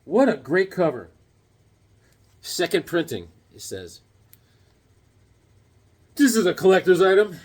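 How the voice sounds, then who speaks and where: A man chatting casually as he unboxes comics, excitable and gushing, cracking jokes as he goes. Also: sits high, takes it slowly, long pauses, husky. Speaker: comic collector vlogger.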